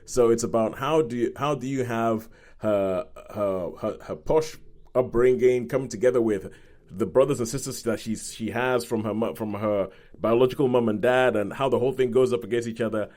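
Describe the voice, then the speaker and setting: At a normal speed, a man with a mid-range, darkish voice hosts a podcast. He talks casually and rambles through a review, correcting himself as he goes and voicing the people he quotes.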